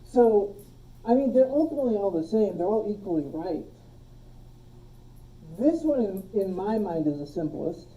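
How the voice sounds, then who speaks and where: A woman teaching a logic class, relaxed, quizzing her students and joking with them, recorded on a phone in a classroom. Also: mid-range voice, moderate pace, pauses often, far from the mic, dull audio. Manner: relaxed, asks the class questions and jokes. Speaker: logic instructor. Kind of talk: classroom lecture. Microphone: phone streaming the class.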